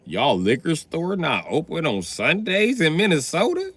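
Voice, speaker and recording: A man's voice: fairly high pitch, huge pitch swings, measured pace, fairly bright tone, breathy edge. A man hosting a livestream, ranting crudely and teasing his chat as he riffs off their comments. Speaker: livestream host. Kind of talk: profane comedic rant to chat.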